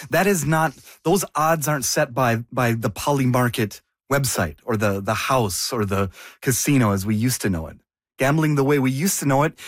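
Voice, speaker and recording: A man's voice: mid-range voice, no room sound. Casual male co-host, mid voice, dry close sound, asks questions and explains plainly. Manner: questioning, casual, thinks aloud with restarts. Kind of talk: conversational news discussion.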